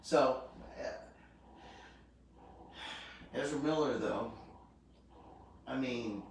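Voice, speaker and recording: A man co-hosting a casual chat, relaxed and talkative, fond of corny jokes. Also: mid-range voice, drawn-out words, vocal fry, slight background noise. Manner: relaxed, chatty, tells dad jokes. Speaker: co-host. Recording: echoey room, far from mic, faint background ambience.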